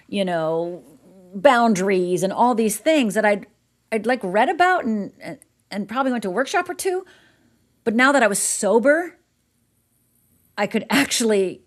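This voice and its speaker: A woman guest on a podcast, a life coach, telling stories in an animated way and acting out the voices in them. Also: medium pitch. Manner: animated storyteller, acts out voices. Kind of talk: casual interview chat.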